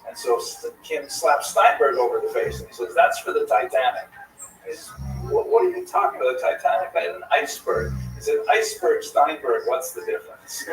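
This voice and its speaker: Animated man hosting, echoey and distant. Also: a little high, normal speed, faint music behind. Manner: animated, tells jokes. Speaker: livestream host. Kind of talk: casual discussion. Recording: echoey room from far off, faint noise.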